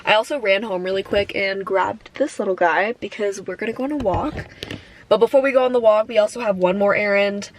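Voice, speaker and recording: A woman's voice: medium pitch, a little fast, slight background noise. A young woman chatting casually and playfully through her vlog, from home and then outside on errands. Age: young adult. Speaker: vlogger.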